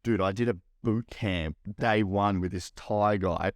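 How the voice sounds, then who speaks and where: A man's voice: fairly low pitch, unhurried, no echo, clean studio sound. A young Australian man co-hosting a podcast, chatting casually and rambling with lots of "like" and swearing. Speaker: podcast co-host. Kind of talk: casual chat.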